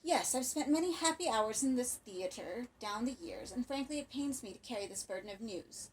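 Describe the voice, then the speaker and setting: A woman's voice: fairly high pitch, lively intonation, normal speed, slightly rough, recorded from a distance, pitched above the performer's own voice, low-quality recording. A woman reading an audiobook voices a cultured retired male theater trustee who speaks persuasively and rhetorically. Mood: grave. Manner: courtly, melodramatic.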